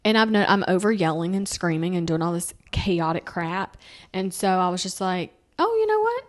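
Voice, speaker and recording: Animated woman telling stories. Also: lowish voice, moderate pace. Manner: animated storyteller, acting out quotes in sing-song voices. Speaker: podcast host. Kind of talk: casual family chat.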